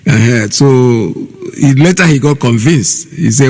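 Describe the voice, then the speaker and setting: A man's voice: medium pitch, measured pace, darkish tone. A middle-aged man from Nigeria with a Nigerian accent, hosting a call-in radio show and explaining his views earnestly, repeating himself. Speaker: radio host.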